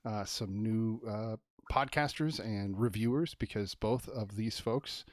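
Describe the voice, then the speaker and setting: A man with a low voice hosts a casual movie talk stream. He rambles quickly, full of "um" and "anyway." The sound is dry and close. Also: no room sound. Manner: talks fast, thinks out loud, lots of "um" and "anyway". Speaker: host of a movie review stream. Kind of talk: casual live-stream chat.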